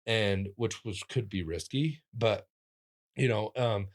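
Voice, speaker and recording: Animated storytelling comedian man. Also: slow pace. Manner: animated, acts out quoted voices with big pitch jumps; talks in restarts and fillers, lively physical-comic energy. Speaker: comedian guest. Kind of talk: casual interview storytelling.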